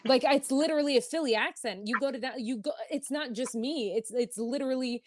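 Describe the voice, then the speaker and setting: A woman from Philadelphia co-hosting a podcast, telling stories in a blunt, profane, animated way. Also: high-pitched, fairly quick, faint music behind. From Philadelphia, USA. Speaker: podcast co-host. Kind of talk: casual podcast chat.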